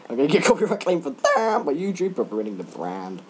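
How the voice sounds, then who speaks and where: A teenage boy rambling and joking through gaming commentary, breaking into sudden loud yelps. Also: high voice, big pitch swings, a little fast, slight background noise. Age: teens. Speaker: let's play gamer.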